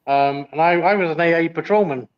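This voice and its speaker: A man's voice: fairly high pitch, a little fast, clear, resonant tone. A middle-aged man telling a long anecdote as a guest on a casual livestream, rambling with many ums. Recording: dull lo-fi sound.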